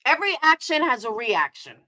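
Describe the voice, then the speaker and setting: A woman's voice: high voice, sing-song, fairly quick, sharp tone. A woman from New York with a New York accent, ranting angrily on a live stream and firing back at her chat with heavy profanity. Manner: heated, profane, confrontational, answering chat. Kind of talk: angry live-stream rant.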